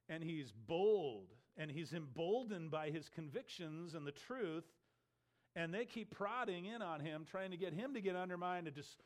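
Emphatic man teaching scripture. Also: on the high side. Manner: emphatic, rhetorical questions to listeners. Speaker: Bible teacher. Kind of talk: verse-by-verse Bible teaching.

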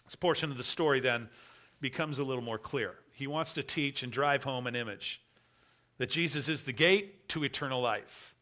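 A man preaching a sermon, stressing key words loudly and letting his phrase ends fall low and quiet. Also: normal speed. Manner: emphatic, stresses key words with bursts of volume. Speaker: pastor.

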